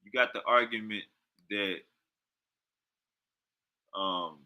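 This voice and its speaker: A man's voice: lowish voice, slow pace, pushed and bright. A man, reacting to a video in heated, profane, repetitive commentary. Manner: heated, profane, slangy, repeats himself. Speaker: reaction streamer.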